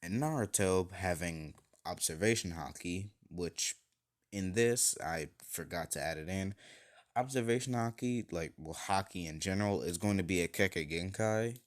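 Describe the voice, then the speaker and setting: Young man, deep voice, loose crude fan-fic rambler. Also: normal speed. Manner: crude, rambling, full of likes and kindas. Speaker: fan fiction storyteller. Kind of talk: casual rambling retelling.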